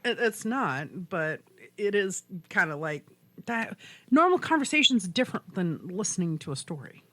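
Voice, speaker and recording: A woman's voice: mid-range voice, sing-song, moderate pace, fairly bright tone, no echo. A woman co-hosting a casual podcast chat, talking in a chatty way, laughing often and restarting her sentences. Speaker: podcast co-host.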